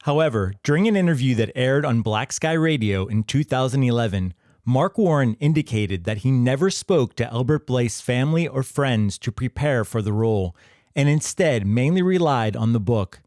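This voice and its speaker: A man reading a scripted history explainer in a measured, explanatory way. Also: medium pitch, animated, a little mellow, dry recording, studio quality. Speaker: history channel narrator. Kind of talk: scripted narration.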